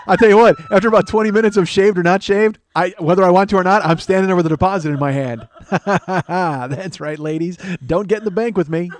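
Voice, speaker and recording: A man hosting a solo comedy podcast, rambling and self-mocking, swinging between loud outbursts and mumbled asides. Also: sits high, a little fast. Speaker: podcast host.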